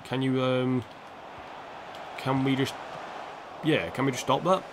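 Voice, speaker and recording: A man's voice: medium pitch, fairly even intonation, slow pace, noisy background. A young man live-streaming a football game, rambling and opinionated, swearing freely as he plays. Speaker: gaming streamer.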